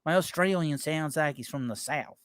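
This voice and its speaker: A man's voice: a little high, moderate pace, no room sound. A man hosting a casual live baseball talk show, rambling as he reads viewer messages aloud and reacts to them offhand. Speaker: sports talk show host. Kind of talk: casual live-stream chat about baseball.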